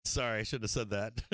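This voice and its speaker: A man hosting a live stock trading stream, chatting casually, swearing freely and laughing often, sometimes getting loud and excited. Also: on the low side, no room sound. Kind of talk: casual profane trading commentary.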